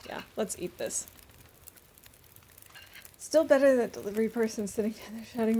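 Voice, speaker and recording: A woman's voice: fairly high pitch, normal speed, pauses often, mellow. A woman streamer giving casual, chatty commentary while playing a game, thinking aloud as she goes.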